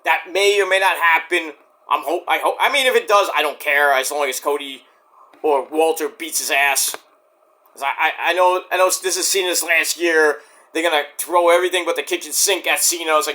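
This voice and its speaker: A man's voice: fairly high pitch, fairly quick, bright, forceful tone. A man ranting casually about wrestling with lots of restarts and swearing. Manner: rambling, profane, many restarts. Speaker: vlogger.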